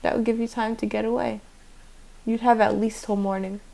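A determined young girl , read by a woman, speaks in a breathless, eager rush. A slight gravelly fry runs under the voice in this storybook reading. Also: fairly high pitch, fairly even intonation, normal speed, mellow.

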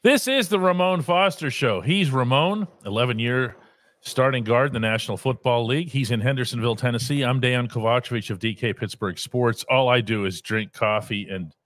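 A man hosting a casual sports talk show, speaking in a measured and wry way as he explains the news. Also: mid-range voice, a bit bright. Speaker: host, sports columnist.

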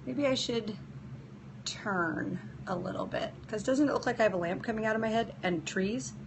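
Gravelly and medium-pitched, this woman speaks at a moderate pace against a noisy background. As a nail technician running a casual live-stream show, she chats practically and responds to viewers by name.

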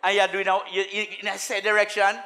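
High bright-voiced preacher. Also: male voice, monotone, quick pace. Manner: preaching with call-and-response and chanted repetition; laughing asides, swings from soft to shouting. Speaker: minister. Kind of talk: sermon.

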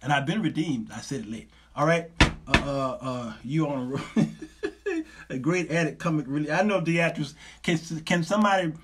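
A man's voice: on the high side, moderate pace, a bit bright, a little hiss or hum. A male show host, lecturing viewers in casual livestream talk and laughing often.

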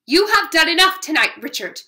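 A woman's voice: extremely high pitch, big pitch swings, fairly quick, bright, forceful tone, voice pushed up, exaggerated voice. A woman reading aloud and voicing a strict female ballet director who shrieks in despair. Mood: weary. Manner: shrieking, exasperated.

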